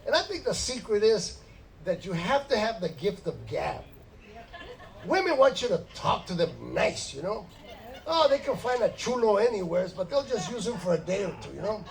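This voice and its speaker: Older man with a high voice doing stand-up on a stage mic, mixing in Spanish voices. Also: sing-song, moderate pace, creaky, recorded from a distance, low-quality recording. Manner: storytelling, slipping into Spanish and acted voices. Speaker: stand-up comedian. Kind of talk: stand-up comedy set. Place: live theater stage before an audience.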